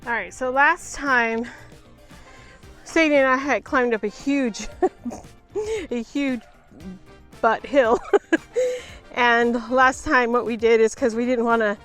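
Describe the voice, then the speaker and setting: Brief: upbeat, rambling woman with a high voice, casual outdoor hiking vlog, faint music underneath. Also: slow pace, pauses often, fairly bright tone. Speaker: vlogger. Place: outdoors on a mountain trail. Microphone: small handheld camera.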